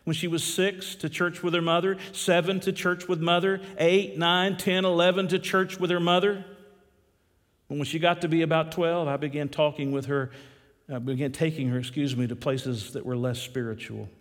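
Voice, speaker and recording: A male pastor preaching an impassioned sermon, telling a story dramatically with big swings in pitch and loudness. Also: little pitch movement, normal speed, big-room sound. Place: church.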